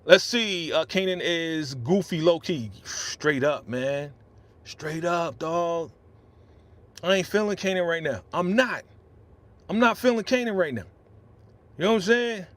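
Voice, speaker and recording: A man's voice: on the high side, expressive, measured pace, long pauses, a bit bright. A middle-aged man hosting a casual live-stream reaction, ranting with feeling and reading out viewer comments on a podcast microphone. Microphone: podcast studio microphone.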